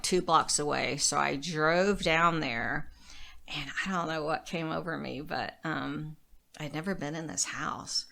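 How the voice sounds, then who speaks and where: A woman's voice: low voice, vocal fry. A woman in her thirties, a podcast guest, candidly telling a personal story in casual chat and acting out what people said. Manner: candid, lively retelling with quoted dialogue.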